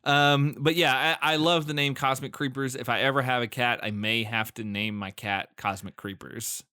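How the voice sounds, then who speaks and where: A man's voice: mid-range voice, steady tone, normal speed, pushed and bright, clear, resonant tone, no room sound, clean studio sound. A man co-hosting a movie podcast in casual chat, laughing often as he recaps scenes and speculates about the plot. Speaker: podcast co-host.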